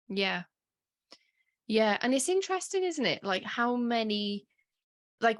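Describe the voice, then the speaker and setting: A woman co-hosting a casual podcast chat, talking emotionally with lots of fillers. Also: fairly high pitch. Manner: chatty and emotional, with frequent fillers and laughs. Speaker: podcast co-host.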